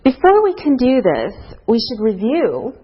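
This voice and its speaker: A woman teaching an English grammar lesson to a class, speaking slowly and deliberately through example sentences. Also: on the high side, wildly swooping pitch, husky. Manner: slow, deliberate teacher talk with rising and falling example tags. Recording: dull lo-fi course recording.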